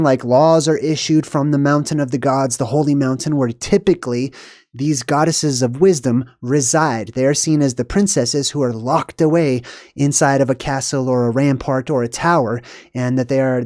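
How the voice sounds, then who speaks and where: A man's voice: mid-range voice, a little mellow, dry recording, clean studio sound. A man hosting a casual live video, reading passages aloud and then commenting on them in a rambling, thinking-aloud way with many fillers. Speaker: host of a live video on symbolism. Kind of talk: casual explanatory livestream talk.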